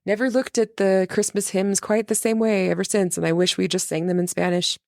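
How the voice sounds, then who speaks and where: A woman in her thirties talks casually as a podcast host, laughing her way through an animated story. Her voice sits at an ordinary middle pitch. The sound is dry and close, with no room echo. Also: fairly quick, gravelly.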